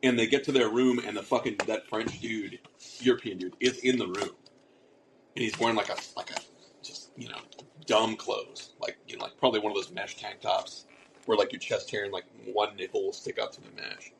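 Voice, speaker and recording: A man's voice: on the low side, fairly even intonation, a little fast, noisy background. A man co-hosting a casual podcast, telling a rambling story with casual swearing and lots of restarts. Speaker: podcast co-host.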